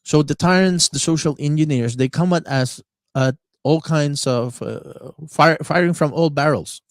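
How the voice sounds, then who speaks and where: Halting male live-stream radio host. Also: a little high, no echo. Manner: halting, many fillers and word searches.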